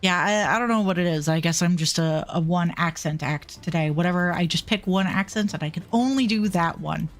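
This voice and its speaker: A woman's voice: on the low side, brisk, few pauses, soft background music. A woman streamer chatting casually while she plays, self-deprecating and swearing freely. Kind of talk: casual gameplay chat.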